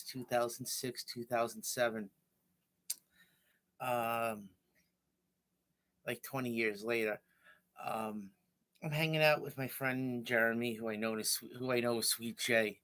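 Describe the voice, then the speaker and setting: A man, telling stories on his livestream in a rambling, halting way. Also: medium pitch, bright, forceful tone. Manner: rambling, halting, with fillers and self-corrections. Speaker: livestream host. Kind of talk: casual storytelling.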